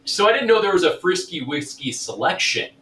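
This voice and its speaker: A man's voice: high-pitched, very animated, fairly quick, bright, forceful tone, echoey room, distant mic, a little hiss or hum. A man joining a casual whiskey tasting, wry and quoting his own reactions.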